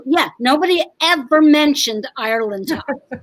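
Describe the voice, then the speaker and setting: A woman's voice: high-pitched, expressive, rough recording. A comedian and writer from New Jersey, a woman, telling wry family stories as an interview guest. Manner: wry storyteller, quick jokes. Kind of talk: casual interview chat.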